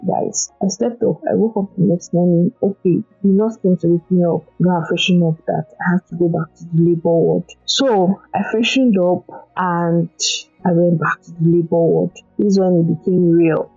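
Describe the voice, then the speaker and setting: Young Nigerian woman, vlogger, expressive and emotional storyteller, mellow tone, dull lo-fi audio with soft music behind. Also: fairly low pitch, moderate pace, vocal fry, breathy edge. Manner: animated and emotional, with sudden exclamations. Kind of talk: casual personal storytelling.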